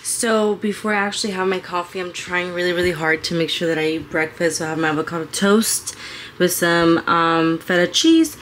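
Young woman, casual vlog, chatty venting, handheld camera, clear traffic noise behind. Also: lowish voice, brisk, a bit bright, poor audio. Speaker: vlogger.

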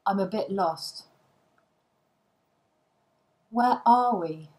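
Slow, measured woman reading phrases. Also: mid-range voice, darkish tone. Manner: reads short phrases one by one with pauses. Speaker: language learning reader.

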